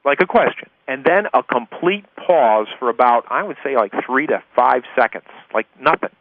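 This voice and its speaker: A man's voice: mid-range voice, lively intonation, normal speed, no room sound. Male sales coach, chatty and repetitive, thin phone-line sound, dry. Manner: chatty, repeats key points, checks in with "okay?". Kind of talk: conversational recorded course lesson.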